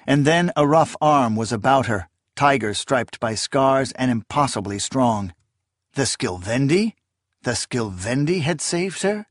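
A man narrating a dark fantasy audiobook in a measured storytelling voice. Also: medium pitch, dry recording, studio quality.

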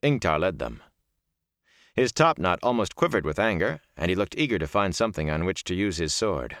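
Deep-voiced male audiobook narrator. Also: big pitch swings, moderate pace, fairly bright tone, no echo, studio quality. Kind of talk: scripted narration.

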